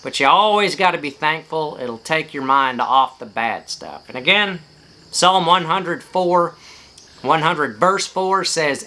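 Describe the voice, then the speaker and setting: A man with a bright, fairly high voice shares a devotion from a front porch outdoors. He talks in an easygoing, folksy way, lingering on words with plenty of fillers. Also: lively intonation, a little slow. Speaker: devotion speaker.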